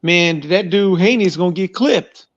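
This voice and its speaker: A man with a high voice joins a casual boxing conversation. He is laid-back, mostly agreeing and laughing along. His sound is dull and lo-fi. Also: measured pace.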